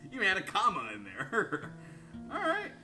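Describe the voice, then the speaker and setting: A man doing let's-play commentary, reading answers aloud in animated voices and laughing often. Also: high voice, normal speed, faint music behind. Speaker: gaming YouTuber.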